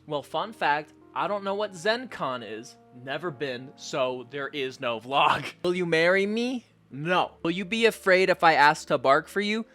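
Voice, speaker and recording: Lively young man answering fan questions. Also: measured pace, hardly any pauses, faint music behind. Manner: animated, jokey, swears often, does high silly voices in stories. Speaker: content creator. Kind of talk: casual Q&A vlog.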